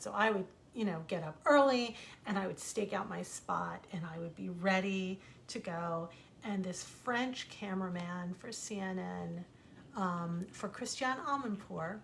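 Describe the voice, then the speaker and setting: A woman's voice: mid-range voice, vocal fry, slight background noise. A middle-aged American woman telling stories from home in a casual, chatty way, acting out the voices of the people she quotes. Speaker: author reading stories online. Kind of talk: casual storytelling.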